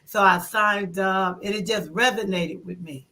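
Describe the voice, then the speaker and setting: Animated, bright-voiced woman in her fifties. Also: mid-range voice, unhurried. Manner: animated storyteller who acts out her own quoted thoughts. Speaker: interview guest. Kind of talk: conversational interview.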